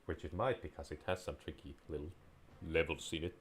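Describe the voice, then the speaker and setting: A man's voice: a bass voice, steady tone, a little fast, a little hiss or hum. A man giving casual, playful gameplay commentary as a gaming video creator, rambling and joking as he plays. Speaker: gaming YouTuber.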